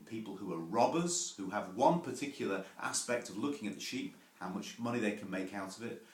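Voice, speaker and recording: A man preaching a sermon, telling homely stories with asides and gentle self-deprecating humour. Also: mid-range voice, echoey room.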